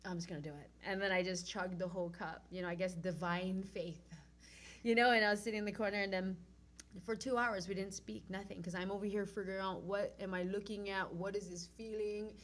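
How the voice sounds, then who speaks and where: Animated Hawaiian woman telling her story. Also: mid-range voice, brisk. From Oahu, Hawaii. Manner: acts out her own past lines, swinging from loud to hushed. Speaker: guest.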